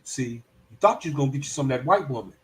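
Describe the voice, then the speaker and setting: A man's voice: mid-range voice, very fast, slight background noise. A man hosting a live stream, giving heated, profane commentary and now and then slipping into mocking voices. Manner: animated, profane, slips into mock voices.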